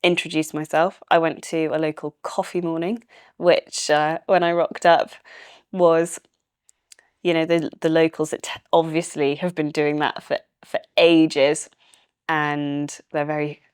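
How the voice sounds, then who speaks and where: A young woman with a Welsh accent talks about the land she manages in an easy, enthusiastic way, laughing often. Her voice sits low and comes across smooth and clear. The recording is dry and close. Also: unhurried, no echo. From Wales. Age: young adult. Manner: chatty, laughs easily, relaxed and enthusiastic. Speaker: estate manager, guest. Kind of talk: casual interview chat.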